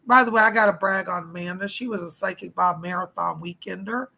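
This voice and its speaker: A hoarse man, who says he is losing his voice, giving live-streamed psychic readings in a chatty, folksy way and thanking viewers by name. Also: high voice, fairly quick, pushed and bright, poor audio. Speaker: psychic medium.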